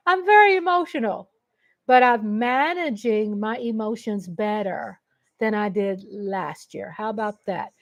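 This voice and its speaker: A woman's voice: mid-range voice, measured pace. A middle-aged woman hosting a livestream from home on a desk mic, chatting casually and rambling as she reads viewer comments and gets emotional. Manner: emotional, laughs often. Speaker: livestream host. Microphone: USB desk mic.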